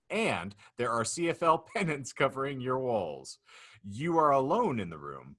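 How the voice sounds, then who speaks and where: A man's voice: mid-range voice, fairly bright tone. A man co-hosting a podcast, reading a hypothetical scenario aloud in a playful, mock-grandiose way. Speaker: podcast co-host.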